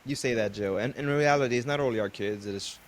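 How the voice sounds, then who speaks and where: A man's voice: medium pitch, fast talker, slight background noise. A middle-aged man hosting a podcast interview, talking in an earnest, casual way with fillers, and telling stories. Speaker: podcast host.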